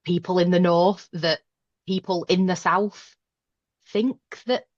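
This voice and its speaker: Speaking as a guest in a relaxed interview, this Burnley manager has a broad Lancashire accent and a frank, self-deprecating manner. Her pitch is fairly low, her delivery flat and a little slow, with no room sound and a dull tone to the audio.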